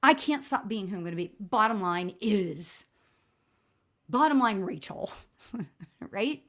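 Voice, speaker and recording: A middle-aged woman hosting a live stream as a spiritual medium, telling a personal story in a chatty, expressive way with a loud voice. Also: medium pitch, slow. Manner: chatty and expressive, frequent "right?" and laughs; self-described loud voice. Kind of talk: casual livestream storytelling.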